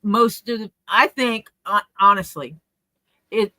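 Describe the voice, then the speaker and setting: A podcast co-host with a bright, forceful voice, telling anecdotes in relaxed, talkative chat. The voice comes through a speaker, and the sound stays dry with no room echo. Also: mid-range voice, slow pace. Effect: coming through a speaker. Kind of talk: casual chat.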